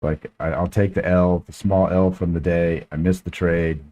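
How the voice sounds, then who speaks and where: A man's voice: low voice, level tone, normal speed, mellow, muffled recording. A man hosting a podcast, telling a frustrated, profane story in casual chat. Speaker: podcast host.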